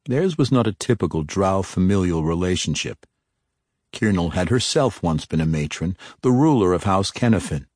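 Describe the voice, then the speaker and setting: A man narrating a dark fantasy novel in a steady, measured storytelling manner. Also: sits low, no echo, clean studio sound. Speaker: audiobook narrator.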